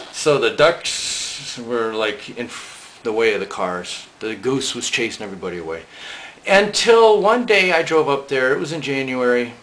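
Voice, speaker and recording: A man's voice: mid-range voice, a bit bright, slight background noise. A man casually telling a rambling, profane anecdote, chuckling now and then. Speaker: storyteller recalling band days.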